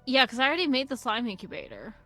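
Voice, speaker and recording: A woman's voice: a little high, very animated, quick pace, pushed and bright. A young woman casually commenting on a farming game she's playing, rambling into sweary, self-mocking tangents. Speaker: gaming channel host. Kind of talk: casual let's-play commentary. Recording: faint game music behind.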